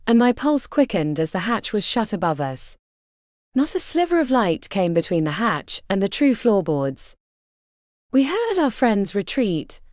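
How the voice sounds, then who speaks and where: A woman narrating a fantasy audiobook in the first person, her pitch rising and falling freely. She voices the story with expressive shifts between scenes. The sound is close and dry, with no room around it. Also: dry recording. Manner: expressive, varied character voicing.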